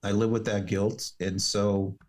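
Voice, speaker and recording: A man, a firefighter and paramedic, telling a personal story as an interview guest in an earnest, measured way. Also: fairly low pitch, little pitch movement.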